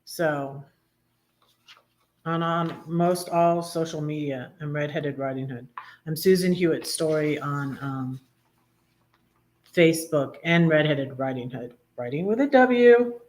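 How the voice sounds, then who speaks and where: A woman hosting a casual live stream, chatting with many ums and restarts and reading her own poems in a soft, tender way. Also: low voice, fairly even intonation, takes it slowly, pauses often, a little hiss or hum. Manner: rambling, lots of ums and restarts. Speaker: livestream host reading poetry and devotions.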